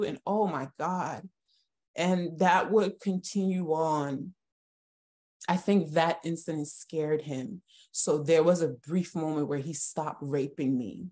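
A woman with a notably low voice speaks as a podcast guest giving personal testimony. Her delivery is halting and emotional, and she often restarts her sentences. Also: fairly even intonation, a little mellow. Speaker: guest sharing her story.

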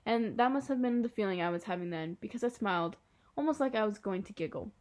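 A woman narrating a first-person children's novel. Her delivery is soft and earnest, at a plain mid pitch. She tells the story in a steady storytelling voice. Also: fast talker. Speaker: audiobook reader.

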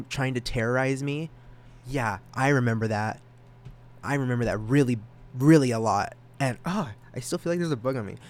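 Rambling, excitable young man. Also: mid-range voice. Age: young adult. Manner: rambling, excitable, self-conscious, with stammered restarts. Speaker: podcast host. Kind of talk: solo casual podcast chat.

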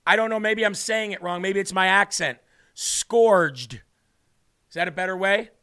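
High, bright-voiced Midwestern man teaching scripture. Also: steady tone, moderate pace, clean tone. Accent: Midwestern American. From Illinois. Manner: earnest, conversational, reads scripture then explains it. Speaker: host of a faith show. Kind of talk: Bible teaching with casual commentary.

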